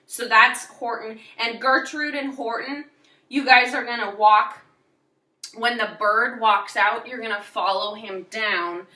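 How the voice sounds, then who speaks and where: A woman's voice: on the high side, a little slow, sharp tone, echoey room, distant mic, rough recording. A woman drama teacher directing young students through a show's choreography, now and then singing or acting out lines as examples. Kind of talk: choreography instruction.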